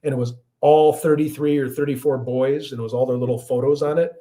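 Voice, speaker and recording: A man's voice: mid-range voice, fairly even intonation, brisk, warm tone. A man in his thirties from the Chicago area with a Chicago accent, hosting a casual livestream and chatting back to viewer comments with frequent restarts. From Chicago area, USA. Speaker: livestream host.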